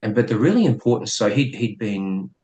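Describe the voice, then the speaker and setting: A middle-aged man with an Australian accent, telling a story as a podcast guest in a blunt, profane and lively way. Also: fairly low pitch, fairly quick, low-quality recording. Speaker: guest, former police officer.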